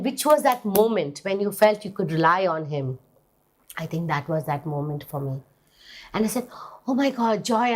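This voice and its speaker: A middle-aged woman, sharing a personal story in an interview, earnest and emotional, often restarting her sentences. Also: medium pitch. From India. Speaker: interviewee, mother.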